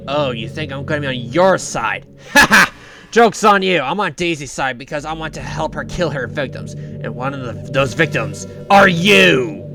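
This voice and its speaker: A man's voice: medium pitch, normal speed, few pauses, close to an everyday voice. A man doing a gloating young killer. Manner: gloating, taunting. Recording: music playing underneath.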